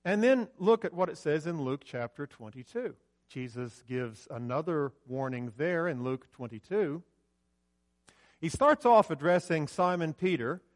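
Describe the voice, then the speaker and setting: A man preaching a sermon in a church, conversational, alternating loud emphasis with quiet asides and giving cues to the slide operator. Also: fairly high pitch, expressive, a little slow. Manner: directs the slide operator mid-talk. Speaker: pastor. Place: church sanctuary with a screen.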